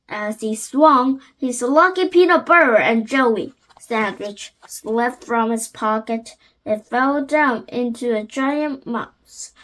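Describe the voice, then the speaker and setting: This is a channel host and reader, a Korean-speaking woman with a high voice, reading a storybook slowly to an audience of children. She reads carefully but haltingly, restarting frequently.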